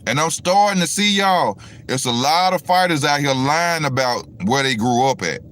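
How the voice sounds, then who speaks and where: A man's voice: fairly high pitch, expressive, normal speed, fairly bright tone, slight background noise. A profane, rambling man ranting casually. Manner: casual, profane, rambling, talks to viewers directly. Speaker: boxing commentary host. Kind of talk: casual livestream rant.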